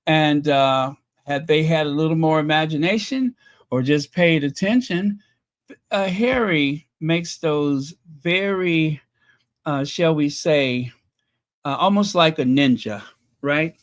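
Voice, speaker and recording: A man hosting a casual livestream, chatting with viewers in a mocking, rambling way full of pauses and fillers. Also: on the high side. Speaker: channel host reading super chats.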